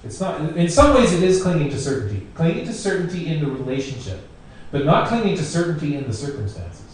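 This man's voice is a little high, very animated, and fast as he delivers a conversational sermon, repeating phrases to drive points home. He's a pastor recorded from a distance in a heavily echoing room, with faint background noise.

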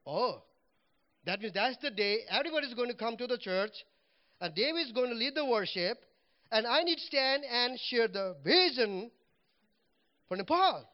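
Male preacher, high voice, animated testimony style, dull muffled audio. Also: moderate pace, pauses often. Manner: animated storytelling, voice swinging up and down as he relives moments. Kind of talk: personal testimony in church.

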